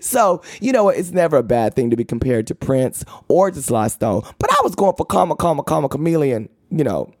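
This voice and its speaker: Animated campy male podcast host. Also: a little fast, hardly any pauses, no echo, studio quality. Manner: animated, campy, chatty, with lots of "okay?" and "girl"; dramatic pitch swings and playful asides. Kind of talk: casual storytelling monologue.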